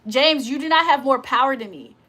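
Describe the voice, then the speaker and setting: A woman's voice: sits high, lively intonation, brisk, bright, forceful tone. A woman hosting a casual livestream, talking bluntly and confrontationally with plenty of profanity. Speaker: livestream host.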